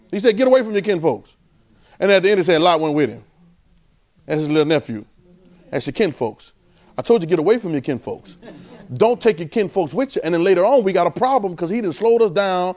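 A man preaching a sermon in a casual, conversational way, quizzing his congregation and often climbing to an excited pitch. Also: a little fast.

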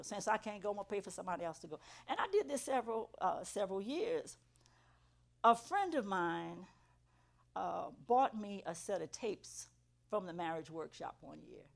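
A woman's voice: medium pitch, creaky. A middle-aged woman giving an earnest church testimony to students, building to emphatic peaks. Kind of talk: testimony sermon.

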